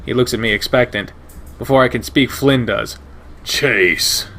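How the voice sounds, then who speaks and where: A man reading a visual novel aloud in first person, steady and measured. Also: mid-range voice, a little hiss or hum. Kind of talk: first-person narration of a game.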